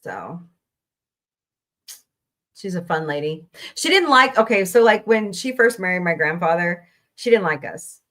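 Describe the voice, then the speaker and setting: A woman's voice: fairly low pitch, big pitch swings, measured pace, long pauses, fairly bright tone. A middle-aged woman from the Midwest, hosting a casual chat show and rambling through stories with frequent laughs. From American Midwest. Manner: chatty, rambling, laughs often. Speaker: podcast host.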